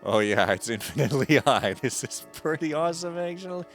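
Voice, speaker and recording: A man casually commenting while playing a stealth game, rambling and joking, with sudden loud bursts and quiet mumbles, on a close mic. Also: on the high side, animated, brisk, soft background music. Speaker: gaming streamer. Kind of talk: casual let's-play commentary. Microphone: close desk mic.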